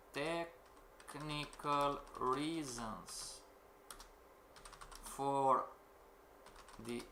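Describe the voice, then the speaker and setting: Slow, bright-voiced male trading teacher. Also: medium pitch, creaky, echoey room, a little hiss or hum. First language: not English. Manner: asks rhetorical questions, keeps calling out "everybody". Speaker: trading course instructor. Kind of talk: live-streamed lecture.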